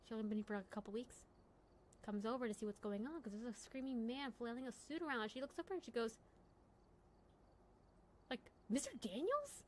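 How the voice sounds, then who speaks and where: A young woman with a slightly raised pitch talks casually to her stream audience from a home setup. She rambles loosely and strings her thoughts together with "like" and "you know". A faint noise sits low under her voice. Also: fairly quick, long pauses, a little mellow. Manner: chatty, rambling, heavy use of "like" and "you know". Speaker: livestream host. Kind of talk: casual late-night stream chat.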